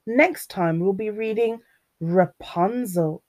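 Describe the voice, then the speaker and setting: A woman reading a fairy tale aloud to children, expressive and sing-song, talking to her young listeners. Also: mid-range voice, slow. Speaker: children's storyteller.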